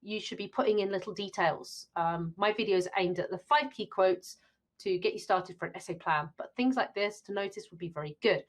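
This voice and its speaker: A woman's voice: medium pitch, normal speed. Chatty British woman teaching English. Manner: alternates reading play lines with explanation; chatty, addresses viewers directly. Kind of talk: exam revision lesson.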